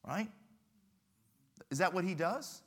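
A man's voice: mid-range voice, moderate pace. A man preaching a sermon as a guest pastor, telling stories with humor and repeating phrases for emphasis. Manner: animated, humorous storytelling with emphatic repetition.

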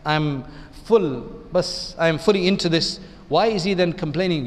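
A man's voice: on the high side, a little slow, long reverb tail. A man, an imam, giving an Islamic lecture in a conversational way, often asking his listeners rhetorical questions.

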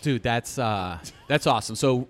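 A man in easy conversation with friends, trailing off and restarting his thoughts, dropping in fillers as he goes. His voice sits at an ordinary middle pitch. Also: moderate pace. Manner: rambling, many fillers and restarts, puts on voices for jokes. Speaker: podcast co-host. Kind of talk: casual chat.

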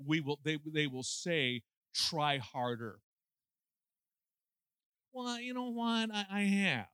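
A man's voice: sits high, big pitch swings, measured pace, a bit bright, smooth, no echo. A man in his sixties preaching a conversational sermon with folksy, self-deprecating humor and lots of fillers. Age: 60s.

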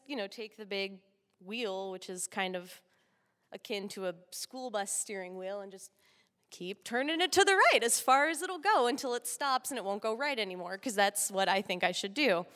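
A woman from Texas telling a comic story live, animated and laughing often. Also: medium pitch, moderate pace. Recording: long hall reverb.

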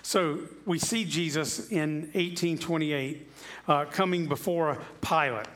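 Pastor, male, voice on the higher side, delivers a relaxed, chatty sermon full of rhetorical questions. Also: slow pace. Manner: chatty, asks rhetorical questions, repeats himself. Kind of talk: conversational sermon. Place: church sanctuary.

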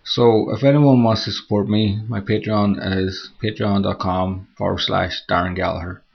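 Deep gravelly male horror narrator. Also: steady tone, lo-fi sound. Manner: slow, measured reading. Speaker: podcast host and story narrator. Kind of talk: scripted story narration.

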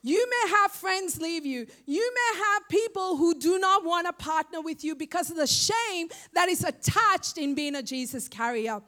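A woman's voice: extremely high pitch, lively intonation, moderate pace, few pauses, bright, forceful tone. A woman preaching a sermon with passion, asking rhetorical questions and calling for an "Amen" from the congregation. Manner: impassioned, asks rhetorical questions, calls out "Amen?".

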